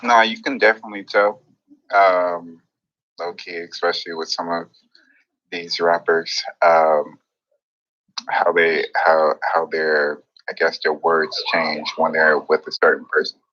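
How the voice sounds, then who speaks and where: A man's voice: low-pitched, little pitch movement, measured pace, pushed and bright. A man in a group chat, speaking in a hesitant, musing way. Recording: lo-fi app audio.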